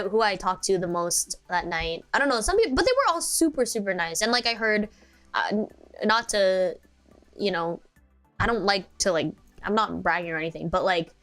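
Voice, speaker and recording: A woman's voice: medium pitch, fairly bright tone. A young woman streaming as a VTuber, telling stories in casual chat, rambling with lots of filler words and giggles.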